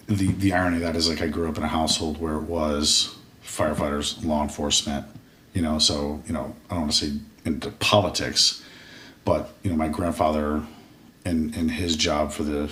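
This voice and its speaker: Very deep-voiced man telling a story. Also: fairly bright tone. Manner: profane, rambling, self-interrupting. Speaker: podcast guest. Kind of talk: casual storytelling interview. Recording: roomy echo, distant mic.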